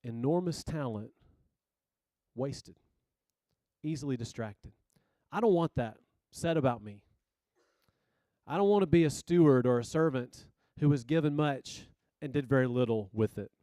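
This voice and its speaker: A man giving a sermon as youth minister, telling stories with lively asides. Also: mid-range voice, measured pace, pauses often, no room sound. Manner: storytelling, animated asides.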